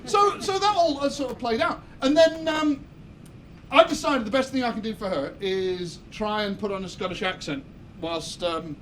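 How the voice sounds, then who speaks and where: Young man with a Southwest English accent doing confessional stand-up, fairly high voice, noisy club. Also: moderate pace, fairly bright tone. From Somerset, England. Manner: chatty, self-mocking, confessional. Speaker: stand-up comedian. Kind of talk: stand-up comedy set. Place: comedy club stage. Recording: noisy live comedy club.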